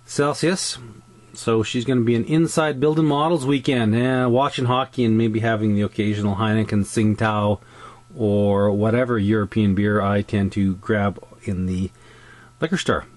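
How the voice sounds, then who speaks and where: A man with a Canadian accent and a mid-range, slightly mellow voice chats casually through a scale-model weathering tutorial. He rambles, restarts his sentences often, and fills gaps with ums.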